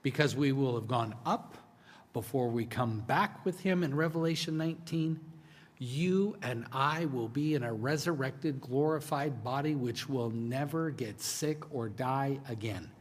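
A man preaching a sermon in a conversational style, swinging between hushed, drawn-out lines and emphatic bursts. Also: mid-range voice. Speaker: pastor. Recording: long hall reverb.

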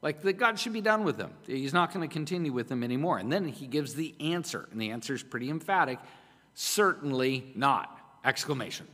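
A middle-aged male pastor delivering a sermon in a slightly higher-than-usual voice. He talks in an emphatic, conversational way, pressing his points with rhetorical questions. The sound carries the long reverb of a hall. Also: lively intonation, quick pace, few pauses, a bit bright.

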